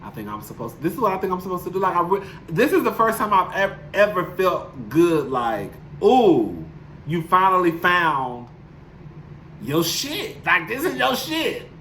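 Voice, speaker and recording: Guy talking to his viewers from his apartment, kinda high voice, echoey room, swears a lot and gets real emotional. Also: big pitch swings, measured pace, bright, forceful tone, slight background noise. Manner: candid, emotional, profane, addresses viewers as y'all. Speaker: YouTube commentator. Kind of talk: casual vlog chat. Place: home apartment. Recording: roomy echo.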